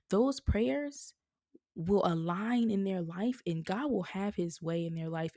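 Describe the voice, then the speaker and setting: A woman's voice: lowish voice, gravelly, mellow, no echo. A woman hosting a podcast, talking in a heartfelt, faith-based monologue, earnest and encouraging and close to tears. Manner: earnest and encouraging, speaks of prayer with feeling. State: emotional, near tears. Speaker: podcast host.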